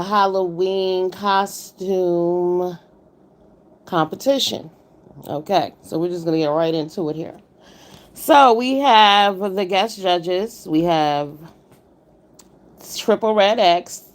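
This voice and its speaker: A woman's voice: on the low side, takes it slowly. A woman hosting a casual livestream, giving blunt commentary on a contest and greeting viewers by name. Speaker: livestream host reviewing a contest.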